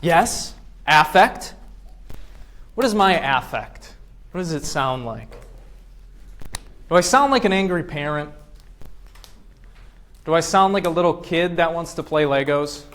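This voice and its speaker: Higher-voiced male professor lecturing a class. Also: expressive, fairly bright tone. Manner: quizzes the class with quick questions; acts out voices to demonstrate points.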